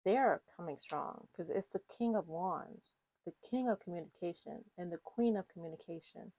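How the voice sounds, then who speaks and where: Woman tarot reader, casual and rambling, on the lower side, dry recording. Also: moderate pace, warm tone, dry recording. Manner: chatty, rambling, with fillers and self-corrections. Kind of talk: casual tarot reading to viewers.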